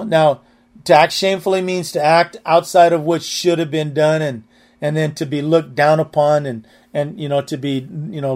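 A man's voice: fairly high pitch, a little mellow. An older man teaching a Bible study in a rambling, anecdotal, earnest way.

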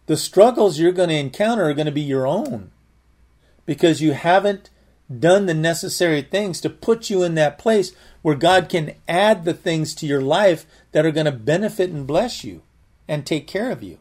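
A man's voice: on the high side, animated, moderate pace, a little mellow. A man giving conversational Bible teaching, earnest, often repeating and restarting his words.

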